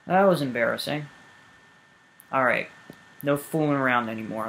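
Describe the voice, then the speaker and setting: Gravelly, foul-mouthed let's-play gamer. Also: mid-range voice, normal speed, slight background noise. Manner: heavy swearing, loud angry outbursts; sarcastic asides to viewers. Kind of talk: casual gameplay commentary.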